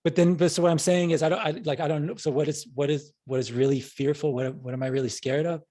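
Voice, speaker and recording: A man's voice: on the high side, fairly even intonation, quick pace, dark tone. Middle-aged man with a New York accent, a loose, chatty interview guest who keeps circling back. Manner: rambling storyteller, frequent restarts. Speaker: podcast guest. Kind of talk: casual interview.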